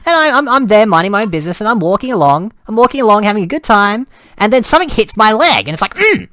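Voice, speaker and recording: A man's voice: high-pitched, lively intonation, fast, pushed and bright, no echo. A man telling a story in a casual way, acting out cries and sounds and often restarting his sentences. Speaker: storyteller and host.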